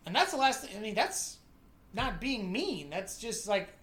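A woman chatting casually about a movie, animated, swearing now and then and acting out lines in character voices. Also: mid-range voice, moderate pace. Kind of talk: casual movie review chat. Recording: echoey room.

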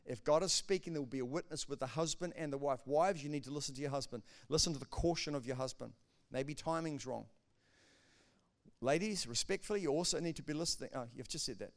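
A man preaching a sermon, swinging between loud emphatic lines and soft, quiet asides. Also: fairly high pitch, fast. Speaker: pastor.

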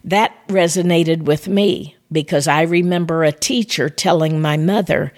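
A woman's voice: deep voice, a little slow, hardly any pauses, a little mellow. An older woman gives an earnest devotional talk. She speaks straight to her listeners in a conversational way, as if sharing her own story. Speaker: ministry podcast host.

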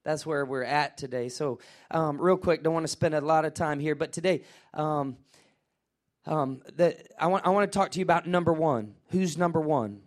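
A middle-aged pastor, preaching a lively sermon and calling out to his congregation. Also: on the high side, moderate pace. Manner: energetic, call-and-response with congregation. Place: church sanctuary.

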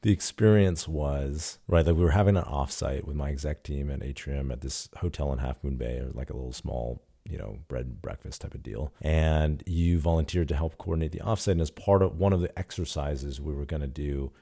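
A man with an extremely deep, dark and mellow voice recounts a story in an interview. He talks casually and animatedly, slipping into quoted dialogue and swearing now and then. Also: fairly quick, vocal fry, few pauses, breathy edge. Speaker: startup CEO guest.

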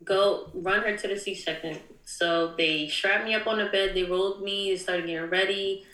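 A young woman giving an emotional personal testimony, halting with many ums and near tears at times. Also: medium pitch, fairly even intonation, a bit bright, roomy sound, poor audio. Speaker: guest.

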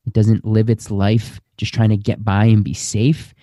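Man doing a spiritual talk, mellow voice, slow earnest emphasis, dry close mic. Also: on the low side, flat delivery, no echo. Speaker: spiritual teacher.

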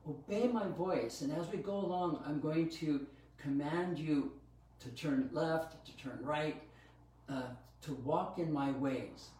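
A man's voice: on the high side, steady tone, takes it slowly, a little mellow. A man preaching a sermon, teaching earnestly about Scripture with some fillers and restarts. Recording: very echoey room, from a distance.

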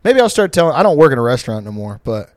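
A man's voice: medium pitch, very animated, very fast, dry recording, clean studio sound. A young man co-hosting a podcast, telling profane, rambling comic stories and laughing often. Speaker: podcast co-host. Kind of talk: casual comedic storytelling.

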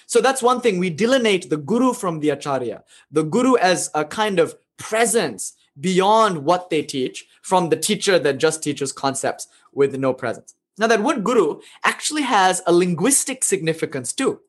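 A man's voice: sits high, expressive, moderate pace, hardly any pauses. A man giving an informal lecture on spiritual ideas, speaking conversationally and often adding "you know" and small chuckles. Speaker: spiritual teacher.

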